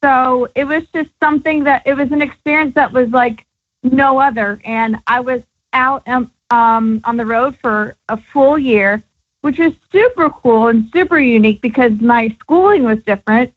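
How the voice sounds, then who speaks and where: A woman's voice: sits high, moderate pace, phone-quality sound. A woman from the American South, a guest on an interview show, talking in an easygoing, conversational way. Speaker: guest performer.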